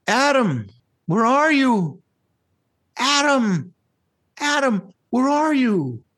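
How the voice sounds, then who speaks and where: A man's voice: extremely high pitch, very animated, extremely slow, a bit bright, voice pushed up, heavily acted. A man voicing God the Father, an older male figure calling out in a plaintive, loving way.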